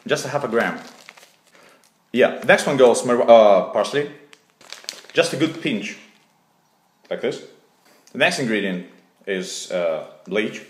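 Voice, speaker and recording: A man with a Russian accent hosting a deadpan comedy recipe video, hesitating often with fillers. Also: medium pitch, takes it slowly, pauses often, noisy background. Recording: echoey room.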